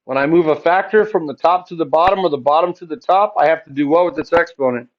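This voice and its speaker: A man's voice: fairly high pitch, quick pace, dull audio. A man teaching a math class, chatty and joking, asking his students questions and answering them himself.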